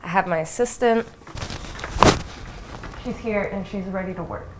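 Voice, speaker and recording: Young woman, chatty, home kitchen, casual baking vlog, middle pitch, faint background hiss. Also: unhurried. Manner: chatty, talks to her dog. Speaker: vlogger.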